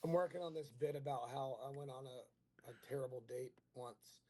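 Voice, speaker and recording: A man's voice: medium pitch, normal speed, mellow. A male comedian telling a rambling, crude, self-mocking story in casual chat, acting out the dialogue. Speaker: comedian guest.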